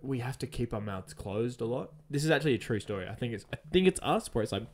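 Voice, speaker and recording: A man's voice: mid-range voice, lively intonation, quick pace. Rambling South Australian young man. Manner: rambling, jokey, offhand theories. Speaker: podcast co-host. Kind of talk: casual chat.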